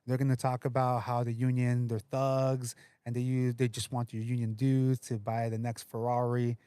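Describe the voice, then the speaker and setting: A man's voice: medium pitch, little pitch movement, moderate pace, mellow, clear, resonant tone, no echo, studio quality. A man who organizes for a union, talking earnestly as a podcast guest.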